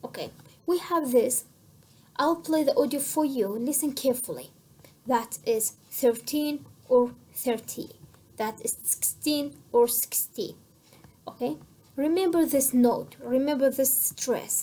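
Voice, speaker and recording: A woman's voice: high voice, big pitch swings, moderate pace, mellow. A Kurdish-accented woman teaching an English lesson, explaining rules over and over and switching between English and Kurdish. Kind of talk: bilingual classroom lesson.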